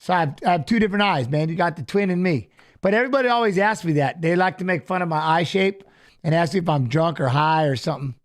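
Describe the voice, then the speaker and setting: High-voiced animated man telling stories. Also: fast talker. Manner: animated storyteller, repeats phrases. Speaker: co-host, retired fighter. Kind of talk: casual watch-along chat.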